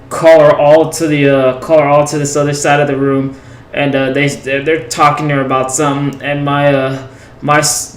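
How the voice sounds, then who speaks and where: A man's voice: mid-range voice, echoey room, low-quality recording. A young man casually telling a long personal story over gameplay, rambling with lots of restarts and fillers.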